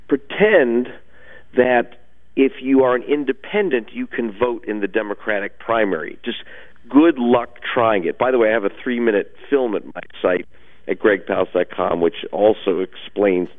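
Low-voiced man on a tinny phone line. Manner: emphatic, explanatory. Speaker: journalist guest. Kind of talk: radio interview.

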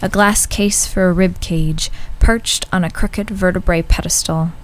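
Woman reciting poetry in a low voice. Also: fairly even intonation, low-quality recording. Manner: measured, deliberate recitation. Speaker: guest poet. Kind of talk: poetry reading.

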